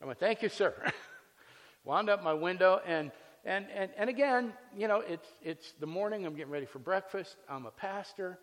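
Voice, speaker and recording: A male pastor delivering a sermon, slipping from solemn scripture reading into an easygoing personal anecdote. His voice sits a little higher than most men's. It rings out with a long reverb, as if filling a large church sanctuary. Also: animated, normal speed, fairly bright tone. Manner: conversational storytelling with scripture reading.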